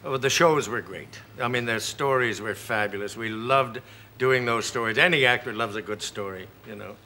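A man's voice: medium pitch, normal speed, pushed and bright, a little hiss or hum. A Canadian man in his sixties with an Aberdeen Scottish accent, chatting good-humouredly as a talk show guest in a studio, rambling with many hesitant fillers. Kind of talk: casual chat show interview. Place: television studio with audience.

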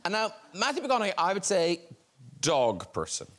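A man's voice: sits high, huge pitch swings, normal speed, a bit bright. A man hosting a chat show, teasing his guests and laughing easily. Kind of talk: casual chat.

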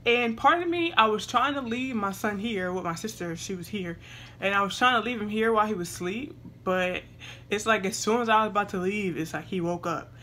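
A woman's voice: medium pitch, a little fast, bright, forceful tone, a little hiss or hum. A young woman vlogging casually at home, chatting to viewers and breaking off to talk to her baby. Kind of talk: casual chat to camera.

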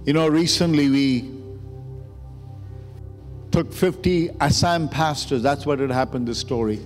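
A man's voice: on the high side, a little slow. A man pastor telling a story in a sermon, emotional and building to urgent preaching. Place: church sanctuary. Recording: long church hall reverb, music underneath.

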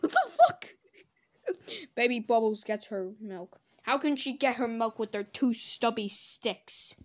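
A woman doing comedic reaction commentary, sarcastic and swearing, breaking into loud silly voices. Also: fairly high pitch, unhurried, a little hiss or hum. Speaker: commentator reacting to fan drawings.

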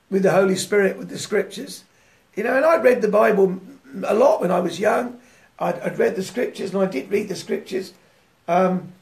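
A man preaching a devotional sermon in a lively way, often laughing and putting rhetorical questions to his listeners. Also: sits high, gravelly.

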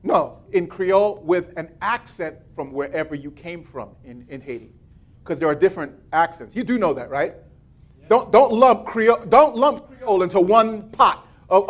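A male pastor preaching a sermon, reading scripture and breaking off into lively asides. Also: high voice, moderate pace.

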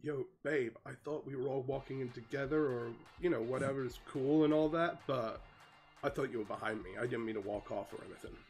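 A man's voice: mid-range voice, brisk, a little mellow, soft background music, lightly acted. A man doing a big brash teen bully. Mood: sheepish.

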